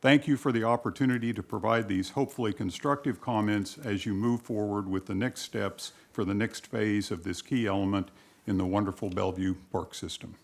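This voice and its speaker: A man reading a formal, measured prepared statement as a public commenter at a city council meeting. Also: lowish voice, fairly even intonation, vocal fry.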